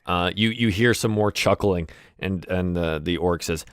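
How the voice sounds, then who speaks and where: Casual low-voiced man running a game. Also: a little slow, hardly any pauses, smooth, no room sound, studio quality. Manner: relaxed, casual, swears. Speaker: game master. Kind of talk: narrating a tabletop game online.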